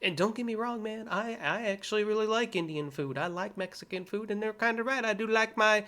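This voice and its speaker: American guy streaming, chatty and sarcastic, kinda high bright voice, rambles and swears. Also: fairly quick. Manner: rambling, sarcastic, profane asides. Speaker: livestream host reacting to videos. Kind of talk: casual commentary.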